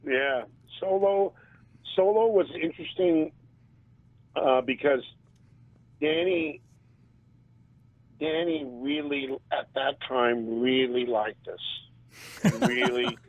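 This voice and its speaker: A man, a band drummer and interview guest, telling stories in a casual and animated way and laughing often. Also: mid-range voice, slow pace, long pauses, dry recording. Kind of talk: casual storytelling. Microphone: phone. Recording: tinny phone line.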